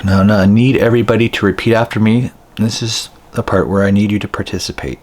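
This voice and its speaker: A man who is a spiritual healer, leading a guided energy-healing session. He speaks slowly and deliberately, with frequent ums and repeated chanted phrases. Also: fairly low pitch, darkish tone.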